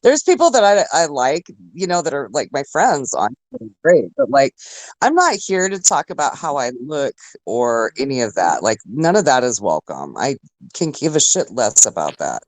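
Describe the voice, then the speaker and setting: Woman, from Germany, German native, lively swinging pitch, rambling casual chat, dry close sound. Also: moderate pace, dry recording. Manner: chatty, rambling, full of likes and you knows. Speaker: voice chat participant. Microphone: online voice chat mic.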